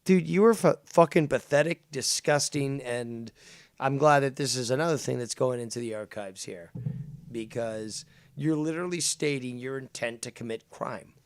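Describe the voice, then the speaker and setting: A man hosting a drama commentary, sarcastic and cutting, alternating low muttering with sharp outbursts. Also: normal speed, clear, resonant tone. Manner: sarcastic, dropping to a mutter then flaring up.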